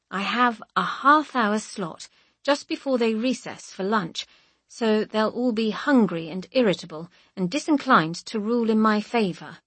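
Breathy woman narrating a wry audiobook. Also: a little high, dry recording. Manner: wry, measured, expressive. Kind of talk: scripted first-person audiobook narration.

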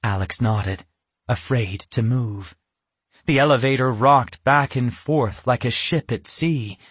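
A man giving scripted audiobook narration in a slow, measured manner. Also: medium pitch, fairly bright tone, husky, dry recording.

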